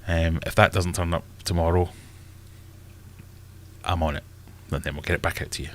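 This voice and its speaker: Scottish male host, low voice, loose self-mocking live-stream chatter. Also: steady tone, moderate pace. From Scotland. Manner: rambling and self-mocking, thinks aloud. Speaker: aquarium channel host. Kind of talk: casual live-stream chat.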